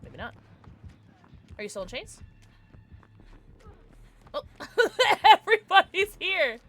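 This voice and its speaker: A woman streaming a game live, chatting excitedly with viewers and her teammates and calling people love. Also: very high-pitched, slow pace, soft background music. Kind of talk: live gameplay commentary.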